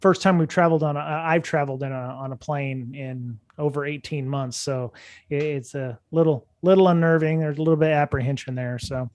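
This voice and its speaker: A man's voice: on the high side, fairly even intonation, fairly quick, darkish tone, no room sound. A man co-hosting a security podcast in casual chat, rambling with many fillers and restarts, speaking from a hotel room. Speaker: podcast co-host.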